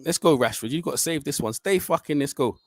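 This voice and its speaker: Young lad, live football reaction, raised voice that swings all over, sweary, dry close mic. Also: male voice, fairly high pitch, lively intonation, quick pace, no room sound. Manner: swearing, tense, swings between muttering and shouting. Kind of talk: live watch-along reaction.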